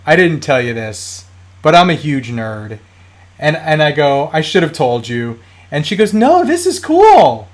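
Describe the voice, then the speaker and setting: A man in his thirties with a slightly raised pitch, hosting a live stream about toy collecting. He talks casually and loosely, full of fillers and false starts, as he reads comments and tells stories. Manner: rambling storytelling with many fillers and restarts.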